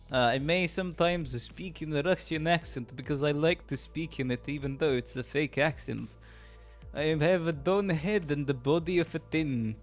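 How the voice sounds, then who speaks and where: A man streaming a game, reading its story aloud, laughing often and chatting with viewers. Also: fairly high pitch.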